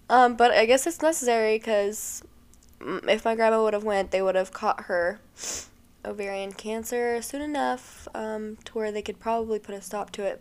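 A young woman hosting a podcast, talking casually and emotionally with lots of fillers, sounding tired. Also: mid-range voice. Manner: chatty and emotional, many fillers. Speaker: podcast host.

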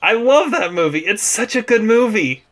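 Bright-voiced man in casual podcast chat. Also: sits high, expressive, normal speed. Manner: laughs often, repeats himself. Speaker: podcast co-host.

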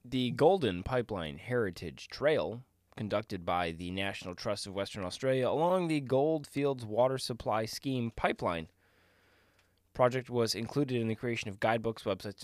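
A man's voice: lowish voice, no echo, clean studio sound. A man co-hosting a casual podcast, reading facts with wry joking asides. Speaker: co-host.

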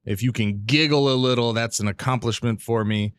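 A man's voice: medium pitch, fairly quick, smooth, dry recording. A man hosting a casual solo podcast, talking in a candid, rambling way with frequent restarts and casual swearing, close to a mic with a pop filter. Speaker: podcast host. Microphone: studio mic with pop filter.

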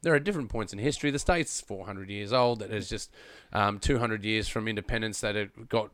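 A man hosting a podcast in his home studio, talking on a studio microphone in a lively, restarting way, often adding "man". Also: lowish voice, a little fast, no room sound. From Australia. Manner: animated, restarts phrases, says "man" often. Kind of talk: casual chat. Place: home studio full of screens. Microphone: studio microphone with headphones.

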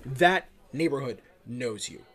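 A man co-hosting a podcast who talks in a relaxed, conversational way. He explains ideas at length with loose, offhand phrasing. He drops a swear word here and there without much emphasis. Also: mid-range voice, slow. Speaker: podcast co-host. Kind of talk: casual chat about tabletop games.

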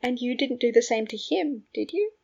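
A mild, reasonable young wizard, voiced by a woman speaks quietly and stammers when unsure. The voice is husky and somewhat high. The sound is dull and lo-fi. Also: expressive, normal speed, full character voice. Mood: reasoning. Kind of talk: fan fiction audiobook reading. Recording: dull lo-fi recording.

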